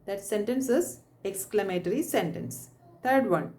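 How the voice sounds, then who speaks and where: A woman's voice: mid-range voice, animated, normal speed, dark tone, distant mic. A woman teacher explaining grammar step by step and often asking checking questions like "right?" to her pupils. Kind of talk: recorded grammar lesson. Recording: echoey room, voice off mic.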